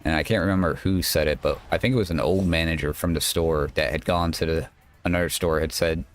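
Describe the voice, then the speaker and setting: A man's voice: very deep voice, fairly even intonation, brisk, a little hiss or hum. A male streamer telling a rambling, casual story while playing a game, quoting people and swearing now and then.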